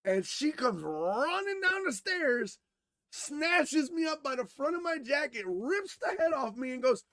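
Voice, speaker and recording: Male podcast co-host, high voice, dry close mic, animated storyteller who swears and laughs a lot. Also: a little slow, no room sound. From Wisconsin, USA. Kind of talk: casual storytelling chat.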